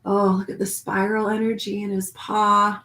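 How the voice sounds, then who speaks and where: A woman giving a casual spiritual oracle card reading, animated and laughing often, moving from hushed calm to excited outbursts. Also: medium pitch, normal speed, roomy sound.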